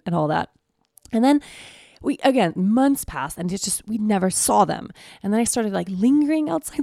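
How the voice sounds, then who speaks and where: A woman in her thirties hosting a podcast, telling a personal story in a casual, lively way and acting out the voices of the people in it. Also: mid-range voice, vocal fry, dry recording, studio quality. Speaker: podcast host.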